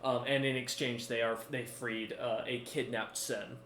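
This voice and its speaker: A man's voice: medium pitch, little pitch movement, a little slow, a bit bright, slight background noise. A man narrating as game master of a tabletop game, rambling, with many ums and restarts. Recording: echoey room.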